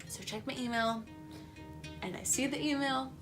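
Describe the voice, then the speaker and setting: A young woman telling a story in a casual vlog, chatty and excitable, saying "like" often. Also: high voice, moderate pace, over music. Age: young adult. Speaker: vlogger.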